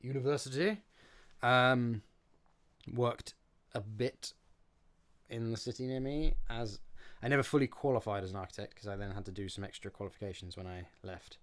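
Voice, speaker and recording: A man's voice: medium pitch, moderate pace, long pauses. A young man chatting casually on a live stream while building props, reading out chat and joking about his own mess. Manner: chatty, self-mocking, reads chat aloud and answers.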